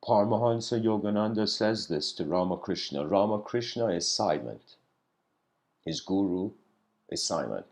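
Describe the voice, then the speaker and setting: A man giving a reflective spiritual lecture, telling stories slowly with pauses and letting his voice trail off quietly. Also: on the low side, lively intonation. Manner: unhurried storytelling with pauses.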